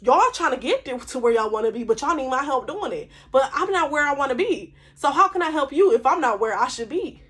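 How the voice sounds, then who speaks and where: A woman's voice: sits high, expressive, fairly quick, hardly any pauses, a bit bright. A woman, talking candidly and emphatically to camera in a casual vlog monologue. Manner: candid, emphatic, conversational with slang. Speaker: vlogger.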